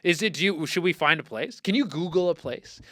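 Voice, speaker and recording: Man, podcast host, swearing comedic rant, swooping expressive pitch, bright tone. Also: brisk, no room sound, studio quality. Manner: animated, exclamatory, swears a lot.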